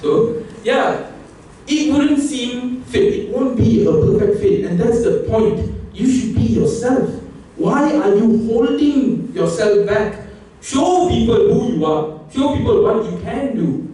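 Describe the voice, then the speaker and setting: A young man giving a humorous, emphatic competition speech, at times climbing into excited outbursts. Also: extremely high pitch, slow pace. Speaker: public speaking contestant. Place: competition hall. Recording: echoey hall from far off.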